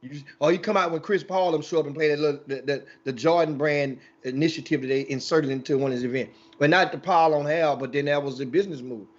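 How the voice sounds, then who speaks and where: A man's voice: on the high side, fast talker, few pauses, muffled recording. A man hosting a casual sports talk show, telling a long rambling story with many restarts.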